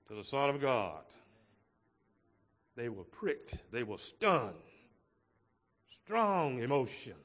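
Slow, measured male preacher. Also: medium pitch, lively intonation, a bit bright, long reverb tail. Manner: slow, measured preaching with emphatic rises on key words. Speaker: pastor. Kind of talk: sermon.

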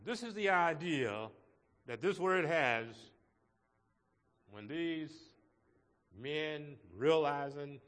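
A man preaching a sermon to his congregation in a slow, measured way, with emphatic rises on key words. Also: fairly high pitch, lively intonation, a bit bright, long reverb tail. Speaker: pastor.

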